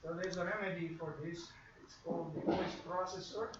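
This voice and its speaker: A man's voice: high voice, fairly even intonation, normal speed, very noisy. A man teaching a radio course, explaining in a lecture style and acting out examples in quoted asides. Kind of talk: classroom lecture. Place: classroom. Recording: echoey room, far from mic, dull.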